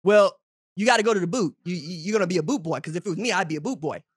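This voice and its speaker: A man's voice: high voice, rapid-fire, slightly rough, dry recording, studio quality. A man briefly voicing a pushy adult male football fan who badgers a recruit. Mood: badgering.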